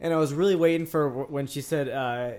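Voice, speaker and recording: A man's voice: on the high side, fairly even intonation, a little fast, darkish tone, smooth. A man from New Orleans co-hosting a podcast, joking and wandering off on tangents in casual chat. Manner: jokey, rambling tangents. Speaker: podcast co-host.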